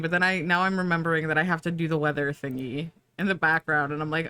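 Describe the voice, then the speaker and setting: A young woman chats with her stream while she works on a drawing, sleepy and yawning between thoughts. Her voice sits a little low but leaps up and down in lively swings. The sound is close and dry. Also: fast, few pauses, no echo. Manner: chatty, bubbly, talks to chat and herself. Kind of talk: casual live-stream chat while drawing.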